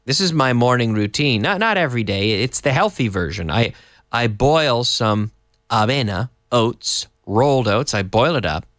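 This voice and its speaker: A man teaching a live online English lesson, explaining slowly and adding Spanish glosses. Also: mid-range voice, expressive, fairly bright tone, no room sound, studio quality.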